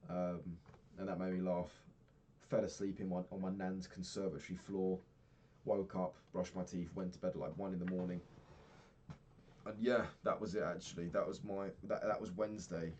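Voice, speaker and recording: A man's voice: low-pitched, level tone, normal speed, a little mellow, a little hiss or hum. A young man in a casual diary vlog, rambling and swearing as he rants about his money. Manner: rambling, swears a lot, ranting. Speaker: vlogger.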